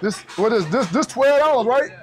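A man's voice: very high-pitched, animated, normal speed, a crowd in the background. A man chatting in a laid-back, slangy way while working a shift on camera. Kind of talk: casual vlog banter.

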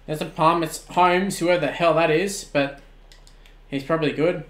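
An Australian man in his twenties streaming a football video game, shouting at the plays and then chatting casually with viewers. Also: fairly high pitch, moderate pace, roomy sound. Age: 20s. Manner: excitable, swings from shouting at the game to relaxed chat. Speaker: gaming streamer. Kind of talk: live-stream commentary and chat replies.

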